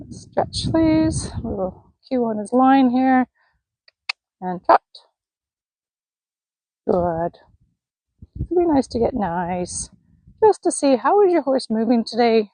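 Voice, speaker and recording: A woman's voice: fairly high pitch, breathy edge, no echo, poor audio. Woman coaching a horse on the lunge. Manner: calm coaching, talking to the horse. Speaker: horse trainer. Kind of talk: narrated lunging session. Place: outdoor arena.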